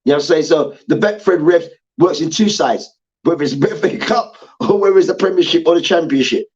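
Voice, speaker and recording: A man on a sports debate show delivers a heated, profane rant. His voice sits a little high, and he hammers his points home through repetition. The recording sounds muffled and lo-fi. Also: a little fast. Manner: animated, profane, repeats his points for emphasis.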